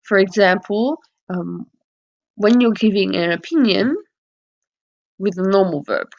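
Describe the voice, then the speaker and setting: A woman's voice: medium pitch, a little slow, creaky. A woman teaching a lesson over slides, explaining patiently and modelling example phrases. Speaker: French teacher. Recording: dull lo-fi audio.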